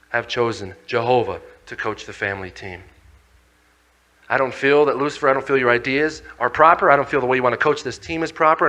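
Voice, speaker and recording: A man voicing a gentle, grave heavenly father who speaks softly and solemnly to his children. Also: a little high, exaggerated voice, rough recording. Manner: soft, slow and solemn.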